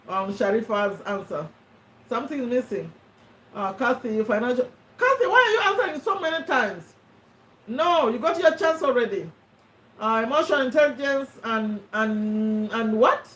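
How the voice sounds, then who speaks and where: A high-pitched woman hosts a casual live-stream quiz, reading out viewers' names and ruling on their answers. Her voice sits away from the mic. It carries a roomy echo. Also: fairly bright tone, distant mic. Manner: chatty, reads out viewer names and answers, checks and rules on them. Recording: echoey room, voice away from the mic.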